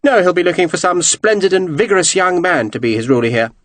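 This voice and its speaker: A man's voice: high-pitched, fast, a bit bright, no room sound, voice pushed up. A man voicing a cheerful, urbane renegade officer who speaks in a suave, mocking drawl. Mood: amused, urbane.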